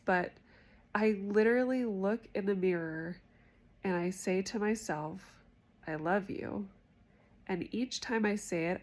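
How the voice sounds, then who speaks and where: A woman's voice: mid-range voice, a little mellow. A woman hosting a self-help talk, speaking candidly and conversationally about her own experience. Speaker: host.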